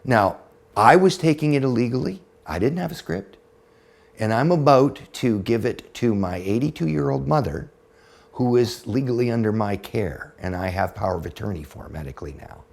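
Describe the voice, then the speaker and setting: A man in his fifties, a podcast guest, telling a personal story in a blunt, profane, animated way. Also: medium pitch, moderate pace, gravelly. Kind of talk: storytelling in casual conversation.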